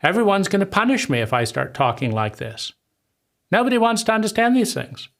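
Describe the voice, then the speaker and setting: A man's voice: high-pitched, very animated, creaky, fairly bright tone, pitched above the performer's own voice, exaggerated voice. A man voicing a defeated, flustered mother. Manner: flustered, self-pitying, halting. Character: overwhelmed hypocritical mother, weary and defeated.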